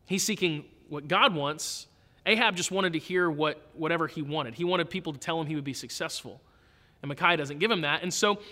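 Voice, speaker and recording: Man teaching a Bible passage casually, high and bright voice, long hall reverb. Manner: casual, with repeated restarts. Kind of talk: Bible reading with explanation.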